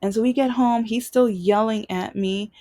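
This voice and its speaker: A woman's voice: a little high, steady tone, moderate pace, warm tone. Candid woman telling a personal story. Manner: emotional, candid, frank. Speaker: podcast host.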